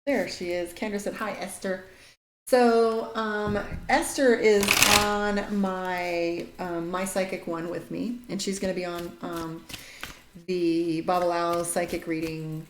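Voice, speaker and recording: A woman with a lowish voice, fairly even intonation and a slow pace gives casual live tarot readings. She's of Irish heritage, blunt and chatty, reading out viewer comments and swearing at times; the recording has room echo and faint noise.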